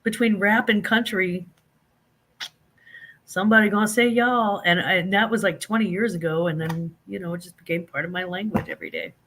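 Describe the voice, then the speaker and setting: A man hosting a casual livestream, chatting animatedly with viewers and reading out their comments. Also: high voice. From Saint Louis. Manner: animated, chatty, drawn-out emphatic phrases. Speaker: livestream host.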